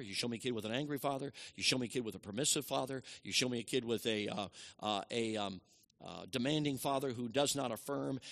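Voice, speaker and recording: Man preaching with wide swings in pitch. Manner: dynamic preaching, swinging from loud emphasis to hushed asides. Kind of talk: sermon.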